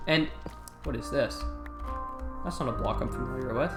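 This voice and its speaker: A man's voice: mid-range voice, normal speed, vocal fry. Teen male gamer, exasperated sarcastic rant, casual delivery; echoey room, light music behind. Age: teens. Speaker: student gamer. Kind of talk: casual rant over gameplay.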